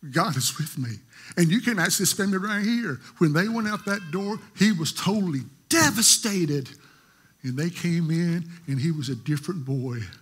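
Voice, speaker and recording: A pastor preaching a sermon, telling stories in a voice that moves from hushed to emphatic. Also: male voice, high voice, moderate pace, husky. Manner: storytelling, shifting from hushed to emphatic.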